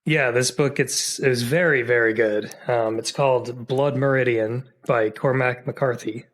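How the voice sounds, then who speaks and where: A man's voice: mid-range voice, steady tone, a little slow. A man co-hosting a podcast in casual chat, jokey and rambling with lots of fillers. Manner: chatty and jokey, with frequent fillers and restarts. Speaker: podcast co-host.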